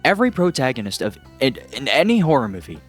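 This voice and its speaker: A man recapping a film in a casual, exasperated and sarcastic way, often pausing to ask "okay?". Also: medium pitch, very animated, soft background music. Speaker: movie reviewer.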